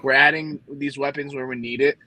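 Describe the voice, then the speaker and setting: A man from Delaware co-hosting a sports podcast, relaxed and hedging as he talks. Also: medium pitch, brisk, dry recording, rough recording. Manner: relaxed, hedging, says "like" often. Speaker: podcast co-host. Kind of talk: casual sports podcast chat.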